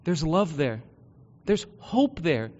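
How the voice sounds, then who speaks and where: A man with a high, bright-pitched voice preaches in an earnest, personal way, dropping to hushed confession before rising to loud exhortation. The sound is dull and lo-fi, carried by a long reverb off a large hall. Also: sing-song, slow. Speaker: pastor. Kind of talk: sermon.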